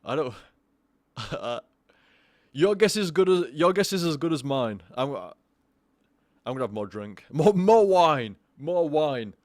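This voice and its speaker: A man's voice: mid-range voice, lively intonation, a little slow, long pauses, dry recording. Drunk young guy on a live game stream, rambly and sweary, keeps repeating himself, dry close sound.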